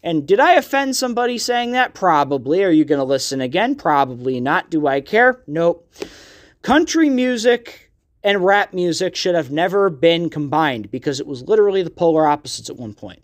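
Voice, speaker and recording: Podcast host, young man, high-pitched, blunt and sweary, casual rant. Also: sing-song, moderate pace. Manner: ranting and profane, with frequent fillers.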